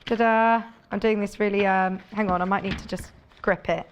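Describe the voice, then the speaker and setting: A woman's voice: mid-range voice, fairly even intonation, normal speed, lo-fi sound, a little hiss or hum. A woman presenting sewing products on a live shopping channel, chatty and enthusiastic, thinking aloud as she demonstrates. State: out of breath. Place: TV studio.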